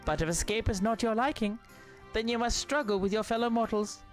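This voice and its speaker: A woman's voice: fairly high pitch, a little fast, faint music behind, voice pushed up, close to an everyday voice. A woman voicing an ancient, playful female fairy queen, reading game lines in a flowery, archaic way. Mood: wistful. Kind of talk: reading game dialogue aloud.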